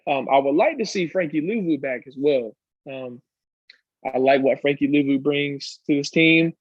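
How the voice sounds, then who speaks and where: A man's voice: fairly high pitch, moderate pace, no echo, muffled recording. A man co-hosting a casual sports podcast, giving earnest opinions with many ums and restarts. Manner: earnest, lots of ums and restarts while making his case. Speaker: podcast co-host.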